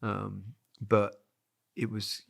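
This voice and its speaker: Gravelly-voiced older English former footballer. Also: male voice, fairly low pitch, little pitch movement, very slow, fairly bright tone. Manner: rambling anecdotal storytelling with laughs. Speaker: podcast host, former footballer. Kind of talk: casual chat.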